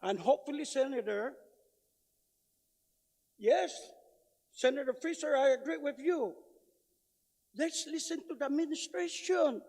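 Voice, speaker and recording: A man giving loud, emphatic public testimony at a legislative hearing. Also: very high-pitched, a little slow, creaky, pauses often. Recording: reverberant hearing room.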